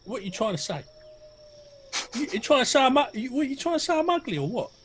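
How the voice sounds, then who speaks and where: A big, quarrelsome fighter, played by a man, blunt and swearing freely. His voice sits unusually high for a man. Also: sing-song, quick pace, a bit bright, slight background noise, heavily acted. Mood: brash. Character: big, brash, touchy man-at-arms.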